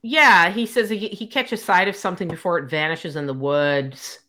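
Woman with a low voice chatting about a book, acting out the lines a bit. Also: normal speed, bright, forceful tone. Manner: retells plot animatedly, quoting characters. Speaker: book podcast co-host. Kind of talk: casual book discussion.

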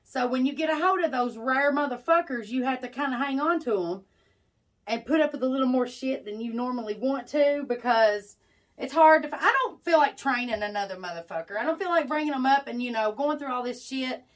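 A woman with a slightly raised pitch talks in a loose, casual chat. She tells her stories bluntly and swears freely. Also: a little fast. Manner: blunt, profane storytelling.

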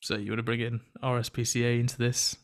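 A man's voice: mid-range voice, little pitch movement, quick pace. A young British man hosting a casual podcast chat, telling stories and teasing his guest with lots of laughter. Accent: British English. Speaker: podcast host.

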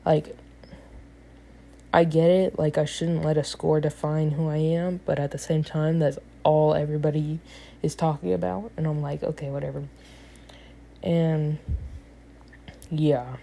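A woman's voice: sits low, flat delivery, a little slow, gravelly, long pauses, dark tone. A young woman in her late teens, a student with a part-time job, rambling casually to the camera, full of fillers and self-deprecating asides.

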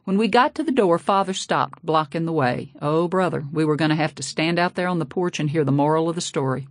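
Audiobook narrator, woman, sassy folksy read, deep dry voice. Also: fairly quick, hardly any pauses, no room sound. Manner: folksy, sassy first-person storytelling. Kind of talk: scripted narration.

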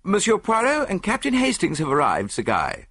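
A man's voice: sits high, wildly swooping pitch, moderate pace, fairly bright tone, slightly rough, dry recording, voice pushed up, heavily acted. A male narrator voices a grave, steadfast British museum expert who speaks politely and formally, in a raised voice above his own.

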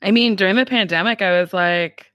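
A woman's voice: medium pitch, a little fast, fairly bright tone, dry recording, clean studio sound. A woman comedian, a guest on a chat podcast, talking bluntly, swearing freely and acting out other people's lines. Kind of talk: casual chat.

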